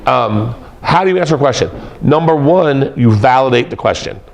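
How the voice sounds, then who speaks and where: A middle-aged professor lectures a room of students, joking as he goes and hammering points home by repeating words. His voice has a gravelly, fry-edged texture, and he lands in a middle register. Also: medium pitch, expressive, normal speed, crowd noise. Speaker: professor teaching presentation skills. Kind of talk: lively classroom lecture. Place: classroom with an audience.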